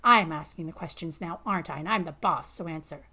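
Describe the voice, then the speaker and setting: A woman voicing a brash, bossy female space salvager who curses, talks loud and shouts in anger, with a husky voice. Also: low-pitched, fairly even intonation, fairly quick. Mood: scornful. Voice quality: loud and abrasive.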